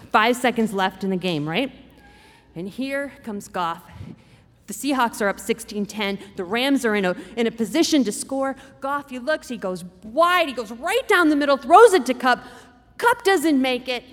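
A middle-aged woman telling a personal story in an animated, expressive way, acting out quotes. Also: sits high, a little slow. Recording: long hall reverb.

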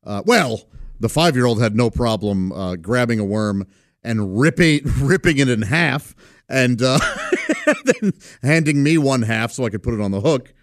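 Animated, chuckling middle-aged man. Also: medium pitch, no room sound, clean studio sound. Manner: halting, full of "uh" fillers, chuckles often. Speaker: vlogger. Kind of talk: casual storytelling.

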